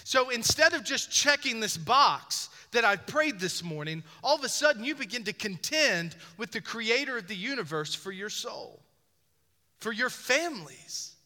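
A pastor preaches in a strikingly bright, high-pitched voice, driving his points home with repeated phrases and rising emphasis. He is expressive and speaks at a moderate pace. His words echo through a hall with a long reverberant tail.

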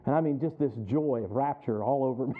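A man's voice: mid-range voice, quick pace. A man preaching a sermon in a conversational way, calling on listeners by name and building to emphatic peaks. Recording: tinny phone-like sound.

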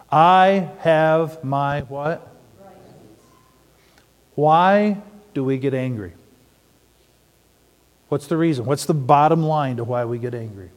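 A middle-aged man preaching a sermon, telling stories and asking the audience questions in an animated way. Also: medium pitch. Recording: long hall reverb.

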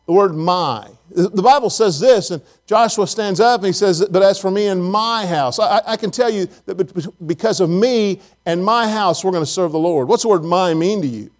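A man's voice: sits high, normal speed, hardly any pauses. A man preaching a sermon in church, telling folksy stories and asking the congregation questions. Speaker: pastor.

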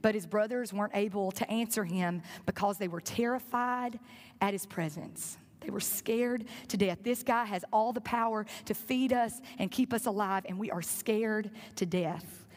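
A woman's voice: mid-range voice, normal speed. A woman preaching a sermon, retelling a story with earnest directness and asking her congregation questions. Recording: long reverb in a large hall.

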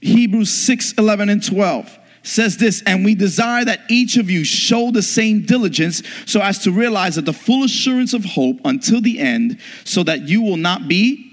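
A man preaching a sermon as pastor, emphatic, with frequent rhetorical questions to the congregation. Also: high voice. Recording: long hall reverb.

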